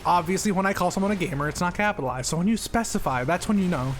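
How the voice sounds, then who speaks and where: A man streaming games, chatting casually with friends on a call, loud and animated, swearing freely. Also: high-pitched, very fast, slight background noise. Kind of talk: casual chat while gaming.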